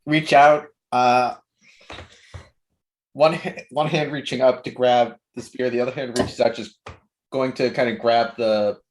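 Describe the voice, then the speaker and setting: A man playing a tabletop game, who describes his character's actions step by step in a deliberate way. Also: mid-range voice, steady tone. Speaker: player. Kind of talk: casual tabletop game chat.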